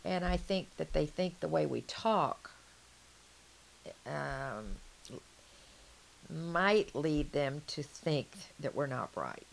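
A woman's voice: low voice, lively intonation, takes it slowly, gravelly, pauses often, a little hiss or hum. An older woman with a Southern US accent, chatting frankly and laughing easily in an oral-history interview.

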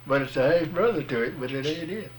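A man's voice: a little high, animated, quick pace, crowd noise. A man in a casual recorded conversation, explaining rhythm and accents in a plain-spoken, folksy, patient way. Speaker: music teacher explaining rhythm.

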